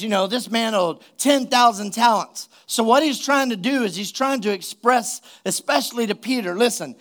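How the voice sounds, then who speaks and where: A man's voice: high-pitched, a bit bright. A man preaching a sermon as a pastor, emphatic and full of rhetorical questions to the congregation.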